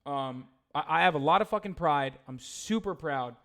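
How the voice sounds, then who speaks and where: A man's voice: fairly high pitch, animated, moderate pace, sharp tone. A young man streaming live, reading chat aloud and ranting in a heated, profane, rambling way with frequent restarts. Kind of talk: livestream reading chat and commenting.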